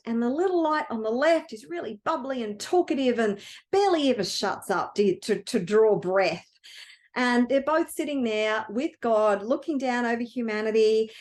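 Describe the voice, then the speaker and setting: Brief: earnest woman coach, heartfelt motivational talk, high voice. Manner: earnest and emotional. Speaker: wealth coach.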